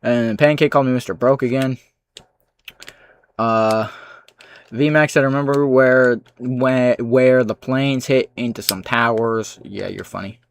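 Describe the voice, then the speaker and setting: A man livestreaming, reading out chat comments with dry, sarcastic replies and low-key asides. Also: steady tone, a little slow, a little hiss or hum.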